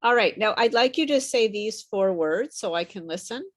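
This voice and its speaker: A woman teaching an online English pronunciation class over a video call, slow and patient, her voice a little worn as she says she is losing it. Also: mid-range voice, animated. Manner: patient, repeats and models words slowly.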